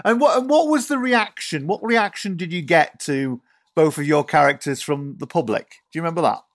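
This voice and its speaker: A man's voice: fairly high pitch, lively intonation, moderate pace, no echo, studio quality. A man from Yorkshire, a podcast host, asking questions in a conversational way. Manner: inquisitive, conversational. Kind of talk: interviewing.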